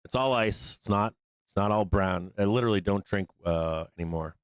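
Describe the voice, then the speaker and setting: A deep-voiced man hosting a live market stream, talking off the cuff with plenty of swearing and "like" and "uh." His voice sits close and dry, with no room sound around it. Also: normal speed, clear, resonant tone, no room sound. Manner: loose, profane, rambling with fillers. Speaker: trading show host.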